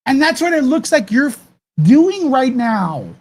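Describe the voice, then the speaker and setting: A man's voice: extremely high pitch, big pitch swings, unhurried, a little mellow. A man hosting a live commentary stream, talking heatedly to his chat, swearing often and rambling through restarts.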